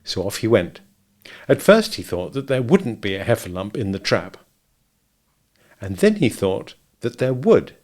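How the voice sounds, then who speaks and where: Male narrator, storybook read-aloud, lively animated intonation. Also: lowish voice, measured pace, pauses often.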